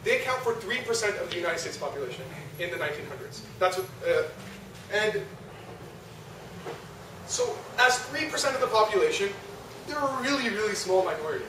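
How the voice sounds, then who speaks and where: A young man with a high voice gives a talk to an audience. He keeps it chatty and ends sentences with "right?" He sounds far from the mic in a very echoey, noisy hall. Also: animated, fairly quick, pauses often. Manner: conversational, asks the audience, frequent rhetorical "right?". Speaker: lecturer. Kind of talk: religious youth talk.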